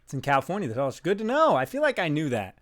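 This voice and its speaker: A man streaming live while playing a trivia game, bursting into loud outbursts and swearing whenever he loses. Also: a little high, fast talker. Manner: excitable, loud outbursts and swearing when losing.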